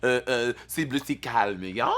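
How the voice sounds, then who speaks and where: A man putting on a joke French voice as a playful host, with broken, halting phrasing. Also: medium pitch, fairly bright tone, voice pushed down. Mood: hammy. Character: mock French host, over-the-top and playful.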